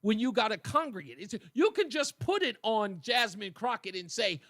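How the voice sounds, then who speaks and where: A man's voice: high voice, expressive, normal speed, pushed and bright, dry recording. A man hosting a talk radio show, delivering a colloquial opinion monologue with mocking asides into a studio microphone.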